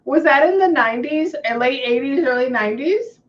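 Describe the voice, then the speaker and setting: A young American woman working as a psychic medium, chatting casually and often pausing with "hang on" while she relays messages. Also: high voice, expressive, lo-fi sound. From United States. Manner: chatty, keeps saying "hang on" and relaying what she hears. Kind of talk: casual reading session.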